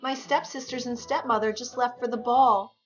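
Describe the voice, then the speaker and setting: A sweet, humble young woman with a soft, hopeful voice, as a woman storyteller puts her on. Faint music sits under a dull, lo-fi sound. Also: on the high side, steady tone, normal speed, pitched above the performer's own voice, lightly acted. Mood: wistful.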